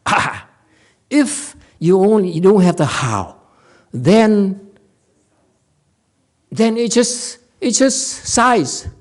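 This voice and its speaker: A man's voice: sits high, very animated, drawn-out words, pauses often. A man with a Korean accent giving a dharma talk as a Zen master, playful, telling stories and laughing often.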